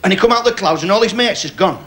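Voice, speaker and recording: Yorkshire stand-up comic, high lively bright voice, broad dialect, audience behind. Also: male voice, racing. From Sheffield, England. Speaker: stand-up comedian. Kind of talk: stand-up joke telling on a TV game show. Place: TV studio stage. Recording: studio audience laughter behind.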